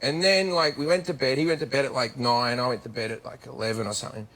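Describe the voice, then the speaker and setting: A man's voice: medium pitch, steady tone, fast, a bit bright. A middle-aged man with an Australian accent, telling brash comic stories as a talk show guest, laughing and slipping into mock voices. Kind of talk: comic storytelling on talk shows.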